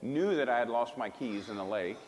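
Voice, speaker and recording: A man preaching a personal testimony in sermon style, emphatic and swinging between loud bursts and hushed tones. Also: mid-range voice, lively intonation, a little fast, big-room sound. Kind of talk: sermon storytelling.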